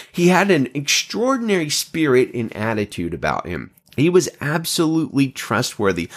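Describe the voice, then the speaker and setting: Man, Bible teacher, animated, earnest, pitch swinging up and down. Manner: animated and earnest, jokes briefly. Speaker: pastor.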